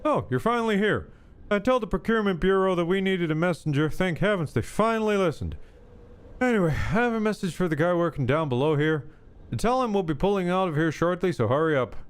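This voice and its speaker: A brisk, bossy workman with a lifted, lively voice, put on by a man reading game dialogue aloud. He sounds hurried and a little fed up, handing out errands. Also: sits high, clear, resonant tone, pitched above the performer's own voice. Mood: impatient.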